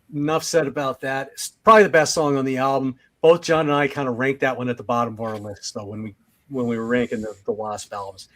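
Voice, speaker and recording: A man's voice: medium pitch, fairly bright tone, dry recording. A man on a panel discussion, talking casually and enthusiastically about his favorite songs, with some fillers. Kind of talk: casual music panel talk.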